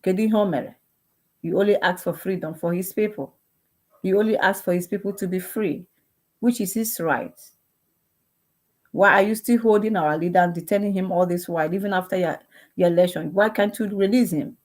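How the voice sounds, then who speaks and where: A woman's voice: lowish voice, fairly quick, a little mellow. A young Nigerian woman making an impassioned appeal that turns into fervent prayer, full of pleading rhetorical questions. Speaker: activist.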